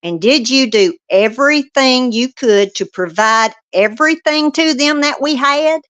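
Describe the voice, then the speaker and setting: A woman reading the part of a female prosecutor, questioning a witness in a steady, pointed way. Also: sits high, measured pace. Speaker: reader in a transcript read-through. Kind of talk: courtroom transcript reading.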